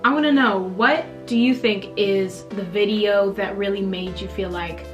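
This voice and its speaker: A woman's voice: medium pitch, normal speed, muffled recording, soft background music. A young woman hosting a casual interview, bubbly and playful, laughing often. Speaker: host.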